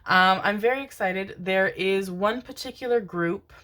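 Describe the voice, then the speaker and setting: A young woman chatting to her viewers and reading tarot, soft and affectionate, calling them her darlings and loves. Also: medium pitch, a little slow. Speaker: tarot card reader. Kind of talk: casual chat and tarot reading to camera.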